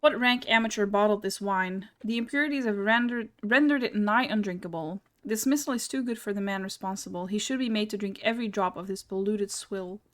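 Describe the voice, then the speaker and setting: A woman's voice: medium pitch, fairly quick, few pauses, fairly bright tone, close to an everyday voice. A woman voicing a haughty male wine baron in a game, reading his lines scornfully in her own voice. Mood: disdainful. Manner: scornful, insulting.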